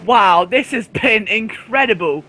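High-voiced excitable race commentator. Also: male voice, unhurried, slight background noise. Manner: excitable, rising to near shouts at overtakes. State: voice going hoarse. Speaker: sim racing commentator.

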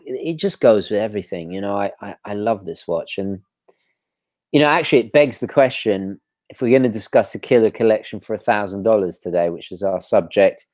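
A man hosting a live stream, greeting viewers from the chat in a relaxed way with frequent ums and restarts. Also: on the low side, no echo, clean studio sound. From London. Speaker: watch channel host.

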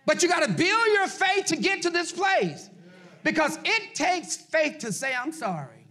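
A middle-aged man preaching a sermon, exhorting the congregation and swinging from shouted peaks to low asides. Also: lively intonation, measured pace. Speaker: pastor.

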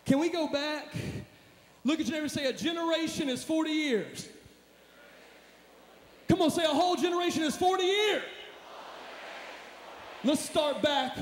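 A man as a motivational speaker on stage, hyping up a live church crowd with shouted calls and responses. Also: very high-pitched, normal speed, long pauses. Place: large hall at a live event. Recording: echoey hall, live event.

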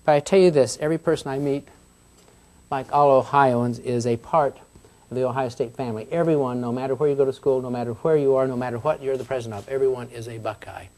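A man's voice: mid-range voice, fast talker, a little mellow. A man in his sixties, an American university president, giving a humorous speech and reading letters aloud in a folksy, storytelling way. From United States. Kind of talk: humorous public speech at a luncheon forum. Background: audience laughter.

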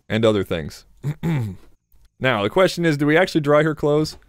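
A man's voice: a little high, expressive, normal speed, no echo, clean studio sound. A young man doing crude, joking let's play commentary, laughing and talking back to game characters. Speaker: gamer.

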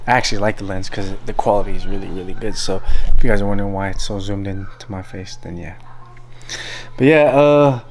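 A man's voice: on the low side, brisk, a little hiss or hum. A young man chatting casually in a vlog, playful and joking, laughing often, talking with the camera held close to his face. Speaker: vlogger. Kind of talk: casual vlog chat, playing along in a pretend class.

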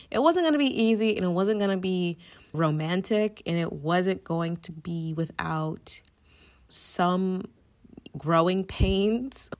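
A woman guest on a podcast, telling a personal story in an animated way, often laughing and acting out her own reactions. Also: on the low side, gravelly.

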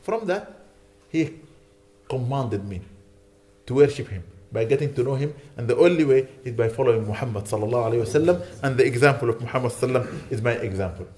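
A man giving a mosque lecture as a sheikh, preaching with fervent emphasis that softens into quiet prayer. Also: medium pitch, animated, fast.

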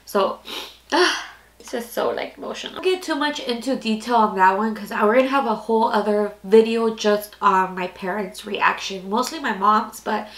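A young woman in her twenties recounts her own story to camera in a loose, confessional way, padding her sentences with "like" and circling back as she goes. Her voice sits at a middle pitch, and the roomy, echoey space around her carries each word. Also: moderate pace. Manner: candid, rambling, heavy use of "like". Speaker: storytime vlogger. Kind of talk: casual personal storytelling. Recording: echoey room.

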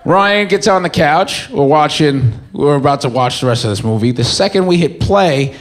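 A young man doing stand-up on stage, telling a story with lots of swearing and swinging between loud bursts and mumbles. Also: on the high side, lively intonation, moderate pace. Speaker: stand-up comedian. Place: comedy stage before a live audience. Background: faint audience laughter.

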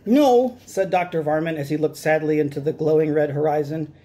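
A man, a teacher, reading a storybook aloud to children with expressive, dramatic delivery. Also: fairly high pitch, brisk.

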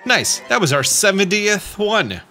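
Casting: chatty male let's play host, bright and fairly high, faint music under his commentary. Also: big pitch swings, a little slow. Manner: casual, chatty, explaining as he plays. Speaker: gaming channel host.

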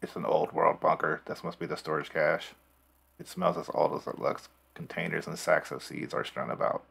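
A man voicing a gruff male android, reading out what it finds in a flat, deliberate way. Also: very deep voice, exaggerated voice. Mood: matter-of-fact.

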